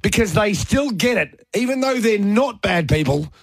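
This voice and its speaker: A man's voice: sits high, animated, moderate pace, dry recording. An Australian man hosting a radio show, telling stories and joking in casual banter. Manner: joking, rambling storyteller. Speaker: radio host.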